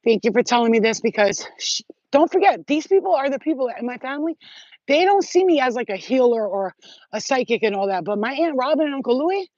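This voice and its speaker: A woman talking as a spiritual healer in a rambling, animated and profane livestream monologue. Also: sits high, fast, dry recording, lo-fi sound.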